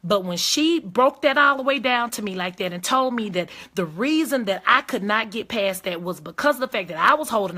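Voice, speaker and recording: A woman's voice: mid-range voice, animated, brisk, hardly any pauses, bright, forceful tone. A woman hosting a live advice video, talking emphatically and straight to her viewers in a casual, preachy way. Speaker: host of a live advice video, lawyer and judge.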